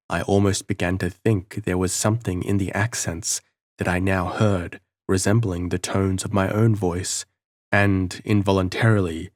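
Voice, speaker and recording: Deep-voiced male audiobook narrator. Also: no echo, studio quality. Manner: measured, dramatic reading. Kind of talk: scripted narration of a gothic novel.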